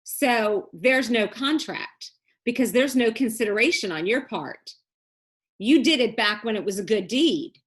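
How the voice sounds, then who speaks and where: A woman's voice: on the high side, unhurried. A woman teaching a business law class in a recorded lecture, explaining in a casual, colloquial way and teasing her students with jokes. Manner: lively, joking, teasing students.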